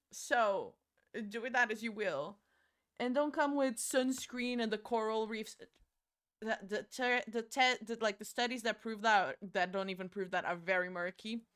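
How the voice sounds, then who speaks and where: A woman's voice: on the high side, a bit bright, smooth. Chatty Portuguese-accented woman streamer. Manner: chatty, swearing, rambling with playful outbursts. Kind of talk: casual chat while doing makeup on stream.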